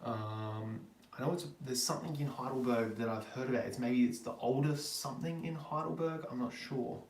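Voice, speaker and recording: An Australian man chats casually through a live question-and-answer stream, reading each viewer question aloud before rambling into an answer full of ums. His voice sits at an ordinary middle pitch. The sound is roomy, picked up from a mic a little way off. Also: moderate pace, recorded from a distance. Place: home in Germany.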